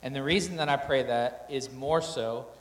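A man's voice: mid-range voice, moderate pace. A man speaking candidly to an audience about his marriage, often acting out his own and his wife's words. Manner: candid, self-deprecating, quotes himself and his wife. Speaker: husband on stage in a couples talk. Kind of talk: storytelling talk to an audience. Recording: echoey hall reverb.

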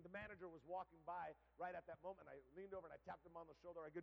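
High-voiced pastor preaching in an echoing hall. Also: male voice, very fast, vocal fry. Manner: animated storytelling with acted-out quotes. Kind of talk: sermon. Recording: muffled sound with long hall reverb.

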